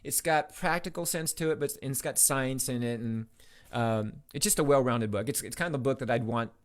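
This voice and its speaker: Male interview guest, quick and enthusiastic, loose rambling storytelling. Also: mid-range voice, clean tone. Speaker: podcast guest, author. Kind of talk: casual interview chat.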